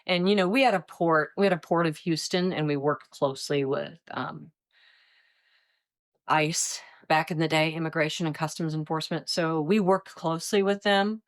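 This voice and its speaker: A woman in her fifties from Iowa, a retired agent telling stories in a relaxed interview and acting out the voices of others. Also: deep voice, moderate pace. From Iowa, United States. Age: 50s. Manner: animated, acts out quoted voices. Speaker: retired DEA agent, guest. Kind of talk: casual interview storytelling.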